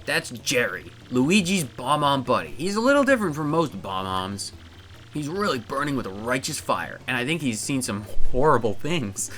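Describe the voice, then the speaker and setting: A man's voice: medium pitch, big pitch swings, normal speed, a bit bright. A man voicing a cheerful, nosy young female goomba student, reading game dialogue aloud on a stream. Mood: chatty.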